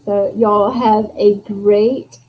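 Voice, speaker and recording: Southern lady chatting on a podcast, mellow breathy voice, drawls, lots of um. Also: medium pitch, fairly even intonation, very slow, low-quality recording. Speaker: podcast co-host. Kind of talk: casual chat.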